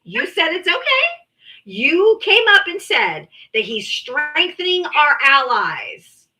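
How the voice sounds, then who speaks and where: A woman runs a heated live political debate stream. Her voice is bright and high-set, and it swings widely in pitch. She argues hard and mocks her opponents as she talks over them. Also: very animated, slow pace. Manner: combative, talks over others, mocking. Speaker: livestream debate host.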